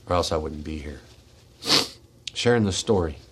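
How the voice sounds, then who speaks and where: Deep-voiced man in a raw confession. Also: expressive, moderate pace, slightly rough. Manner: raw, confessional, swings between forceful and hushed. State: tearful and shaky. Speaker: radio show host. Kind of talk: emotional personal monologue. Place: radio studio.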